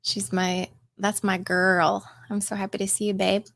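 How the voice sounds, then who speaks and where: A woman's voice: mid-range voice, level tone, measured pace, gravelly, fairly bright tone. Chatty woman greeting her livestream viewers. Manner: chatty and affectionate, many ums and laughs. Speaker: coach and livestream host.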